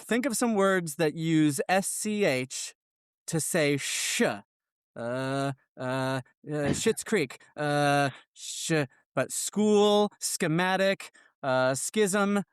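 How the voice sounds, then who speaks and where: A man's voice: fairly high pitch, animated, slow pace, clear, resonant tone, no echo, studio quality. An American man co-hosting a podcast, playful and mock-formal as he argues his case. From United States. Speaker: podcast co-host. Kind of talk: casual podcast chat.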